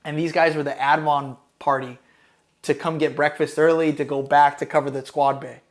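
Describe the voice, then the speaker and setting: A man's voice: fairly high pitch, little pitch movement, moderate pace. A man, a military veteran from Los Angeles County, telling war stories in a casual, profane, rambling way with lots of fillers. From Los Angeles County, California. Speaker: Marine combat veteran guest. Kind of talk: casual storytelling.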